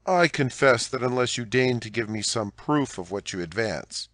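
A man's voice: mid-range voice, animated, moderate pace, fairly bright tone, dry recording, close to an everyday voice. A man reading a proud, self-assured young male swordsman in an audiobook, speaking in a confident, gallant manner.

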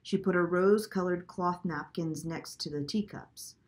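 A woman reading a children's chapter book aloud at a clear, steady pace. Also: fairly low pitch, normal speed. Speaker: storybook reader.

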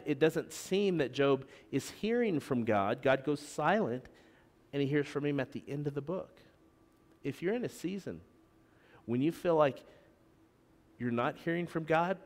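A man's voice: fairly high pitch, darkish tone, big-room sound. A middle-aged man preaching a sermon as pastor, with joking asides to the congregation. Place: church sanctuary.

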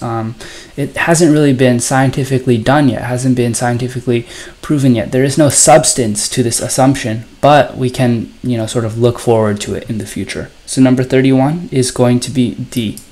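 A man at a middle pitch walks students through test answers in a recorded review lesson. He reads passages aloud and then explains them, filling the pauses with ums and you-knows. The delivery is plain and explanatory. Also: a little mellow. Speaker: test prep tutor.

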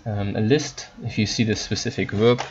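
A man teaching German in an online lesson, explaining in halting English with frequent ums and repeated words. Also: on the low side, fairly even intonation, muffled recording, background noise.

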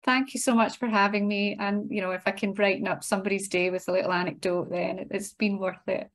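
A woman's voice: medium pitch, flat delivery, quick pace. A middle-aged woman with a Scottish accent, chatting easily as an interview guest and often restarting her words. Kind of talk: casual interview chat.

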